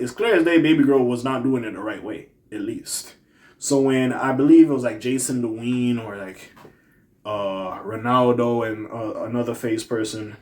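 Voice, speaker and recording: Blunt man ranting in casual commentary. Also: medium pitch. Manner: blunt, profane, animated ranting with swings in loudness. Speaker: commentary channel host.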